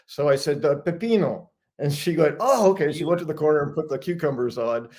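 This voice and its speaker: A man's voice: fairly high pitch, fairly quick, a little mellow. An older American man telling a personal anecdote as a regular guest, chatty, amused and self-deprecating. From United States. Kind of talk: casual storytelling.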